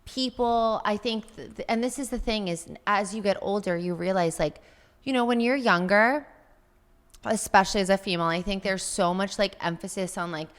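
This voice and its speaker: A chatty woman guesting on a podcast, talking in a loose, rambling way full of fillers. Her pitch sits in the middle range. The room gives her voice a long echo. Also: moderate pace. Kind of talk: casual chat.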